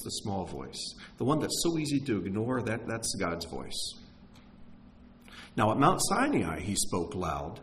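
A man preaching a sermon, telling stories with energy and dropping to a hush for emphasis. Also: fairly low pitch, slight background noise, poor audio. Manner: animated storyteller, drops to a hush for emphasis.

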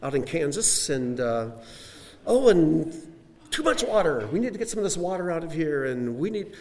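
A man voicing a fussy interior decorator who briskly plans how to rearrange things. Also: a little high, very animated, darkish tone, in a large hall. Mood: bossy.

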